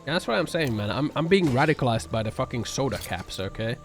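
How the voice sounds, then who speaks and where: A man's voice: mid-range voice, sing-song, quick pace. A man streaming from his apartment, chatting with viewers in a sarcastic, profane, rambling way full of fillers. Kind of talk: casual chat reacting to viewer comments. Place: home apartment. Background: background music.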